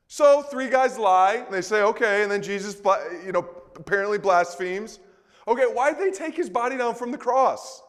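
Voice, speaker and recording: A man preaching a sermon in a conversational way, full of rhetorical questions, moving between soft and loud delivery. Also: sits high, expressive, moderate pace. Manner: conversational, repeats words.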